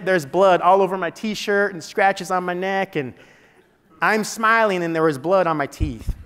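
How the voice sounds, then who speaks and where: A man with a slightly high voice tells a personal story as a keynote speaker. He talks in a loose, conversational way, restarting sentences and dropping in filler phrases. His voice rings out with the long reverb of a large meeting hall. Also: fairly bright tone. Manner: conversational, with frequent "you know" and restarts. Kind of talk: motivational storytelling speech.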